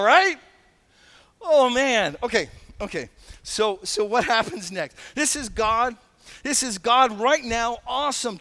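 A man preaching a sermon, animated and emphatic, with frequent asides and laughs. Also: extremely high pitch, unhurried. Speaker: pastor.

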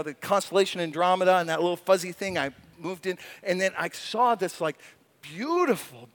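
A man preaching a sermon as pastor, playful and animated, breaking into acted-out voices. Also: high-pitched. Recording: reverberant hall.

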